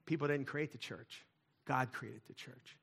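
A man's voice: medium pitch, fairly even intonation, a little slow, gravelly, fairly bright tone, husky. A man preaching a sermon as lead pastor of a church, emphatic, repeating key lines and asking rhetorical questions.

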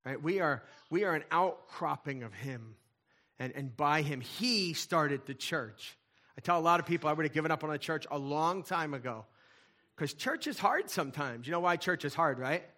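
A male pastor delivers a sermon with emphatic repetition and rhetorical questions. His voice sits a little high and rings bright and forceful. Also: animated, moderate pace. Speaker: lead pastor. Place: church.

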